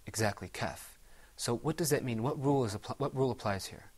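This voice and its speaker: A patient, encouraging man leads a recitation lesson. He quizzes his students, praises them warmly when they answer right and says each word slowly so they can repeat it. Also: medium pitch. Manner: patient, encouraging, models pronunciation slowly for repetition. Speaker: Quran recitation teacher. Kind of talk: classroom tajweed lesson.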